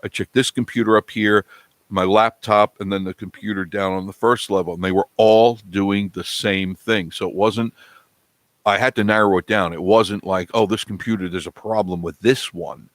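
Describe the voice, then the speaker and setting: A man with a lowish voice chats on a live stream from his home. He rambles through a story and acts out what people said along the way. The sound is dry and close, with little room around it. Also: moderate pace, no room sound. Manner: rambling, animated storytelling with acted-out quotes. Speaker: vlog host. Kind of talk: casual live-stream chat. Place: home studio indoors.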